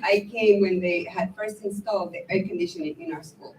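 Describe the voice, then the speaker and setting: A woman's voice: medium pitch, animated, brisk, hardly any pauses, crowd noise. A woman teacher in her fifties giving short ceremony remarks with light laughs. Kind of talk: ceremony speech. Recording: distant mic with faint noise.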